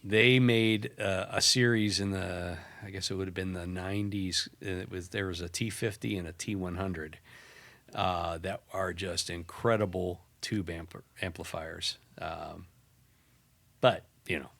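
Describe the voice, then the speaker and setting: A man co-hosting a casual podcast chat, playful and quick to laugh. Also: low-pitched, fairly even intonation, gravelly, fairly bright tone, no room sound. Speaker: podcast co-host.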